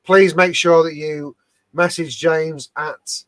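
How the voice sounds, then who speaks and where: A man's voice: fairly high pitch, fairly even intonation, takes it slowly, a bit bright, no echo. A man co-hosting a rowdy show among friends, giving a sweary, rambling sign-off full of fillers. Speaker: podcast co-host.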